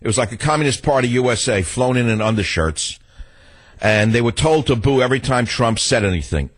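An older male radio host delivers a sarcastic, combative rant at a studio mic. His voice has a husky, slightly rough edge at a mid pitch. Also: lively intonation, a little fast. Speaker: radio talk show host. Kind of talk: opinionated political talk radio.

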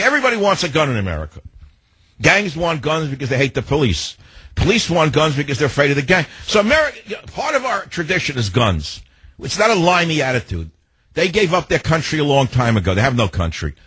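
Ranting man hosting talk radio, husky. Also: fairly high pitch, very animated, fairly quick, a bit bright, dry recording. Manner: ranting, sarcastic, mocking. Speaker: radio talk show host.

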